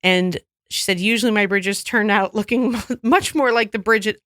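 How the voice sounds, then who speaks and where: A woman co-hosts a casual podcast and retells stories with gusto, slipping into little voices for the people she quotes. Her pitch sits in an ordinary middle range. The sound is close and dry. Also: moderate pace, dry recording. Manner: animated storyteller who acts out quoted voices. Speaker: podcast co-host. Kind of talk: casual chat.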